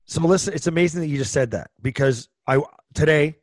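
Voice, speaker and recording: A man's voice: fairly high pitch, fairly quick, no room sound. Guy rambling through a story on a podcast, keeps restarting himself, dry close mic. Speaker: podcast co-host, former hockey player. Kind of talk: casual chat.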